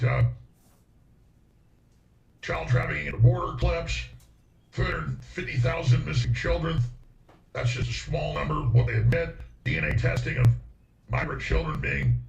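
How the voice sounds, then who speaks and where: Gravelly, emphatic male talk host. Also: fairly high pitch, moderate pace, long pauses, noisy background. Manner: emphatic, repeats words when worked up. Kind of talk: heated political talk. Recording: roomy, distant, dull sound with faint music.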